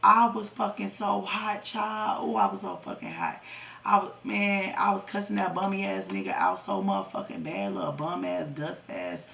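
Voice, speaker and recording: A woman's voice: medium pitch, very animated, normal speed, gravelly, fairly bright tone, recorded from a distance, slight background noise. A woman in her twenties telling a personal story to her viewers, blunt and heavily profane. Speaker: vlogger. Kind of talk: storytime vlog.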